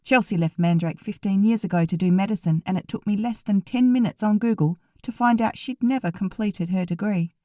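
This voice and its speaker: A woman narrating a first-person audiobook in an even, wry storytelling manner. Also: medium pitch, fairly quick, hardly any pauses, no room sound, clean studio sound.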